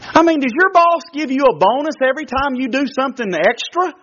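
Emphatic preacher man, lively delivery. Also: a little fast. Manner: emphatic, repetitive, swings pitch to act out quotes. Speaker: pastor. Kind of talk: sermon on parenting. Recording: dull lo-fi sound.

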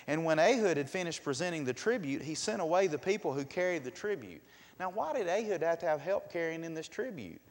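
A man preaching a sermon, asking the congregation questions and swinging between loud and soft. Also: fairly high pitch. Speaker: pastor. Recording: long hall reverb.

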